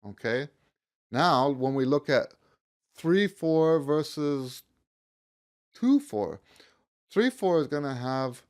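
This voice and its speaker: A male music teacher talks through a lesson at an unhurried, deliberate pace. He counts beats out loud and often stops to reword what he just said. His pitch sits in an ordinary middle range. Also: animated. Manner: counts beats aloud, rephrases himself mid-thought.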